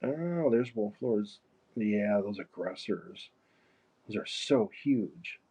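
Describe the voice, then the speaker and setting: A man's voice: fairly low pitch, expressive, slow, dark tone, breathy edge. Easygoing man chatting on a stream. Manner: rambling, easygoing, laughs often. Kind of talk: casual chat while painting. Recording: muffled lo-fi stream mic.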